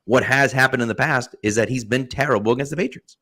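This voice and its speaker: A man's voice: medium pitch, quick pace, pushed and bright. A man defending his team as a guest on a sports podcast, arguing emphatically and repeating his points insistently. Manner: emphatic, argumentative, insistent repetition. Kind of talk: casual sports podcast debate.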